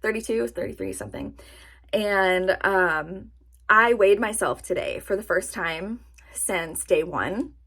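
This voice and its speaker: Husky-voiced woman vlogging, self-mocking. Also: mid-range voice, a little slow. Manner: animated, self-mocking, laughs at her own jokes. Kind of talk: casual chat to camera. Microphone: camera-mounted or nearby mic, sitting to film.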